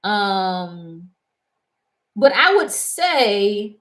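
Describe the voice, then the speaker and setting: A woman hosting a casual talk show, animated and prone to laughing and wandering into stories. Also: mid-range voice, extremely slow. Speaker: host. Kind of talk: casual chat.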